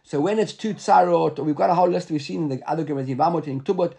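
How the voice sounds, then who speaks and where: A man's voice: a little high, racing, creaky, dark tone, slightly rough. A man teaching a Talmud lesson, reading the text aloud, then explaining it in with frequent restarts. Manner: reads the Hebrew text aloud and then explains it in English, hesitant.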